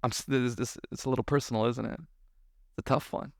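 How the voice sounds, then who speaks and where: Lively male lecturer, dry close sound. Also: mid-range voice, fairly quick, creaky, dry recording. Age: adult parent. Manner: lively, asks the audience questions and acts out parents and children. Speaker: Islamic speaker. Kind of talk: lecture to a live audience.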